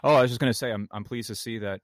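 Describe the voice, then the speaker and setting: A man's voice: mid-range voice, very fast, no echo. A man co-hosting a podcast as a pastor, speaking in an earnest, reflective way with some dry humor. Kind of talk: casual podcast conversation.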